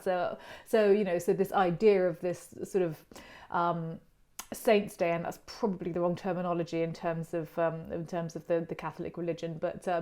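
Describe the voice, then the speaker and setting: A woman's voice: on the low side, darkish tone. A woman hosting a casual educational chat, talking in a friendly, digressive way and wandering off into personal stories. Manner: chatty and digressive, telling stories on herself. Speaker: host of an online art channel's chat series.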